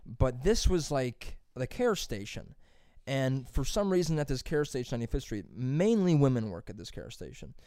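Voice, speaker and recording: In a dry, clean studio recording, a young man chats casually on a podcast, telling a long story that wanders all over the place. His mid-range voice moves at normal speed with few pauses, and he curses a lot, acting out other people's lines with real animation.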